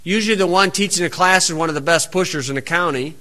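A man delivers a homespun sermon in a high, very bright voice. He reads scripture at a deliberate pace, then slips into relaxed, plain-spoken stories about everyday life. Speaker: preacher. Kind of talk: folksy sermon.

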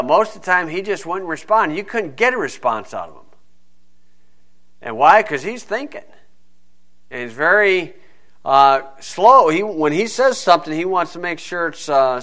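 Male preacher, folksy and digressive, bright pushy tone, a touch high-pitched. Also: sing-song, normal speed. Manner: folksy, digressive Bible teaching. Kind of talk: sermon.

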